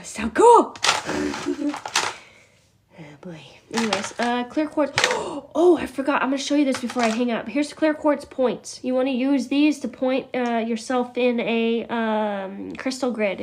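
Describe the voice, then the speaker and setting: A middle-aged woman hosts a relaxed spiritual class and holds up crystals as she talks. Her voice sits a little high. She rambles, laughs easily and mutters asides to herself. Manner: chatty, scattered, laughs often, drops into asides. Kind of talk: casual live class, showing crystals.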